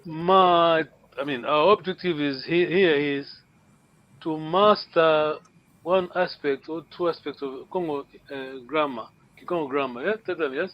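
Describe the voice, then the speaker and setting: A man with a slightly raised pitch teaches a language class online, stopping often to repeat words and check that his students follow. The sound comes through a video call and is muffled and lo-fi. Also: unhurried.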